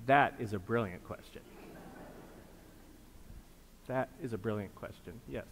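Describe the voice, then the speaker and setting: A man's voice: fairly low pitch, unhurried. Patient male pastor in a reverberant hall. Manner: inviting, patient, repeats prompts. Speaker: pastor leading a group reflection. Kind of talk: interactive liturgical teaching. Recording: long reverb with faint background noise.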